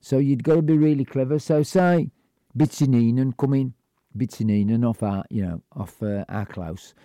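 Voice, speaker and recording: A man's voice: mid-range voice, moderate pace, warm tone, no room sound, clean studio sound. An older man tells a rambling, blunt and self-deprecating story about his childhood. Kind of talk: personal storytelling monologue.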